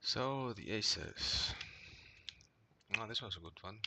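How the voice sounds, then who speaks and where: Low gravelly man rambling through poker hands. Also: expressive, slow pace, bright, forceful tone, dry recording. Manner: rambling, frequent "right?" tags and fillers; gets worked up and swears when annoyed. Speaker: poker player reviewing his hands. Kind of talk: casual commentary over gameplay.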